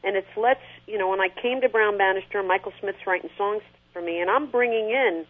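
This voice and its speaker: Husky middle-aged lady singer chatting in an interview, animated, sounds like she's on a phone line. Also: mid-range voice, fairly quick. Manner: animated, sings short snippets to illustrate. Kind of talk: conversational interview.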